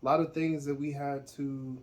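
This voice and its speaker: A man in his forties speaking in a soft, halting way in a casual family chat. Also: mid-range voice, little pitch movement. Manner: soft-spoken, halting, with trailing phrases. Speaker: father co-host.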